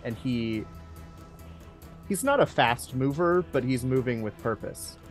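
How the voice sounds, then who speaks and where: A man narrating a tabletop game as game master in a hushed, suspenseful way. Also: medium pitch, animated, a little slow, faint music behind.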